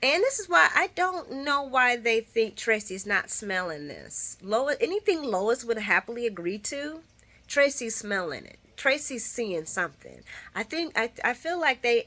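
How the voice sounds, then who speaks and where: A woman giving a casual, opinionated recap of a soap opera, chatting in slang and acting out the characters' lines with big jumps in pitch. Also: big pitch swings, moderate pace, sharp tone.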